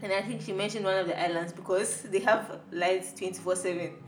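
A woman's voice: mid-range voice, brisk, slight background noise. A young woman, co-hosting a casual podcast chat in a playful, sassy way. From Ghana. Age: young adult. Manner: playful, sassy, animated when joking. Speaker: podcast co-host. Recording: roomy room echo.

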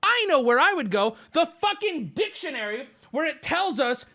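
A man's voice: extremely high pitch, very animated, moderate pace, hardly any pauses, bright, forceful tone, soft background music. A man streaming live, ranting at his chat in a sarcastic, exasperated and profane way.

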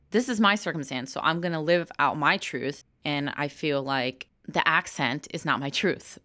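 A woman's voice: low voice, sharp tone, dry recording. A young American woman from Chicago, an actress talking candidly in an interview and laughing often. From Chicago, United States. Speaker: actress, guest.

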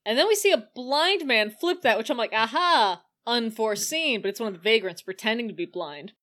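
The speaker is a woman co-hosting a casual podcast, retelling a film with excited, laughing energy. Her voice sits fairly high and swoops widely in pitch as she talks. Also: fast. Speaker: podcast co-host. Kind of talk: casual film recap chat.

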